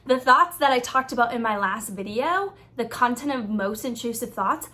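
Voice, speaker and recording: A young woman speaks to her viewers as a Christian YouTuber, earnest and expressive. Her voice is bright and sharp-edged and sits a little high. She lays out her teaching with warmth of conviction and lively turns of phrase. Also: normal speed. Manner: earnest, expressive, playfully acts out quoted thoughts. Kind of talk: faith-based teaching vlog.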